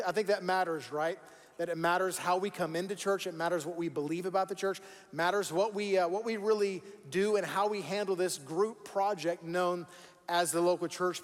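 A man's voice: high-pitched, in a large hall. A man preaching a sermon as pastor, conversational and repeating words for emphasis. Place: church sanctuary.

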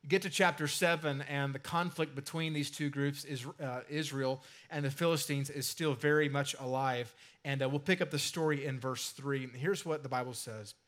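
A man's voice: medium pitch, steady tone, moderate pace, hardly any pauses, a bit bright. A man preaching a sermon in a casual, conversational way, with asides and filler words. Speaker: pastor.

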